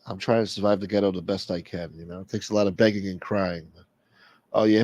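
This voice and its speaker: A man's voice: low voice, fairly even intonation, fairly quick, a little mellow, no echo. A man hosting a casual livestream, rambling and joking as he reads out chat. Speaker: livestream host.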